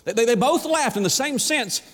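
A man's voice: very high-pitched, lively intonation, normal speed, fairly bright tone. A man preaching a sermon as pastor, folksy and emphatic, asking the congregation rhetorical questions. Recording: echoey hall reverb.

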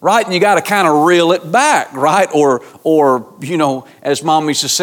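A pastor preaching to his congregation, his man's voice sitting notably high. He talks in a plain, colloquial way, addressing the listeners directly. His earnest delivery keeps doubling back on words and restarting phrases as he presses each point. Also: a little fast, few pauses. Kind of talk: sermon.

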